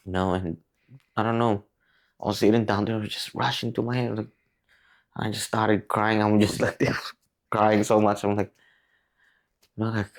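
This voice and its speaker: A man with a Filipino accent, speaking haltingly and tearfully about his feelings. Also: on the low side, level tone. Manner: halting, tearful, searching for words. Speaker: podcast host. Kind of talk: emotional confessional talk.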